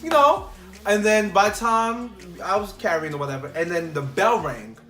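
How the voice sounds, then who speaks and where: A young man with a bright, forceful voice tells a casual story straight to camera, animated and loose, with fillers everywhere. His pitch sits a bit high for a man. The room is echoey and faint music plays underneath. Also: moderate pace. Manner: animated, quotes people in changed voices, many fillers. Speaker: vlogger.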